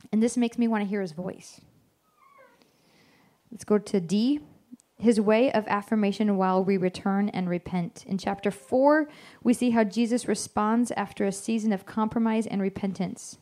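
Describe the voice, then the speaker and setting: A woman's voice: a little high, warm tone. A woman giving an informal devotional Bible teaching, chatty and self-correcting, often acting out the lines she quotes.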